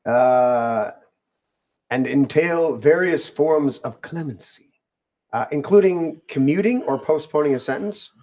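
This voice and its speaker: A man's voice: fairly high pitch, slow pace, dark tone. A man hosting a casual talk show with co-hosts, reading aloud from a web page with many fillers and restarts. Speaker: podcast host.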